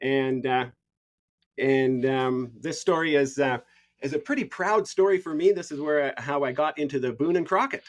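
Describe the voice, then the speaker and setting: A man, a podcast guest telling stories in a relaxed, rambling way with frequent laughs. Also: medium pitch, normal speed. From Canada. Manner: easygoing, rambling, laughs often. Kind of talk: casual storytelling.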